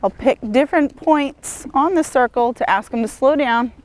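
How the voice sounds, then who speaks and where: Calm woman horse trainer, slightly high. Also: moderate pace, slight background noise. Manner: calm, encouraging, praises the horse often. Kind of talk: instructional demonstration. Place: outdoors at a horse arena.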